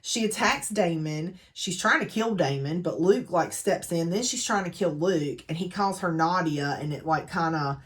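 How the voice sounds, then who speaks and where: A woman's voice: lowish voice, normal speed, hardly any pauses. A woman gives a casual, chatty book recap full of dramatic asides. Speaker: book reviewer.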